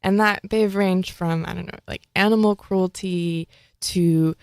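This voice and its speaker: A woman's voice: lowish voice, fairly even intonation, measured pace, darkish tone, no room sound. A young woman co-hosting a college radio show in a studio, chatting casually and laughing often. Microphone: studio microphone.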